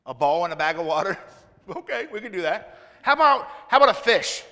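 A man's voice: sits high, big pitch swings, fairly quick, sharp tone. A man giving a children's sermon in a church, playfully asking the children many questions. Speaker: children's minister. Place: church sanctuary. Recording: reverberant church hall.

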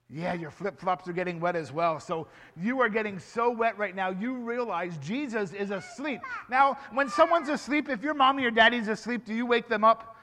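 A man with a high, light voice preaches to a group of children, stopping often to ask them questions and acting out the story. His voice rings with long reverb from a large hall. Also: a little fast, few pauses. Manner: animated, asks the children questions. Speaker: children's pastor. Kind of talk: children's sermon.

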